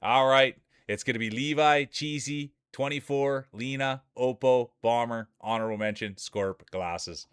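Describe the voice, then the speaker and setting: A man calls a marble race live on stream in an energetic, joking hype-man manner. His voice is of middling pitch and sounds dry and close, with hardly any room sound. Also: a little slow, few pauses, smooth, dry recording.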